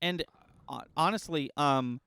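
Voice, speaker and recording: A man's voice: on the high side, unhurried, gravelly, pushed and bright, clean tone, no room sound, clean studio sound. A man co-hosting a casual movie podcast, easygoing and chatty, prone to giggling. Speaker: podcast co-host. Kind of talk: casual movie review chat.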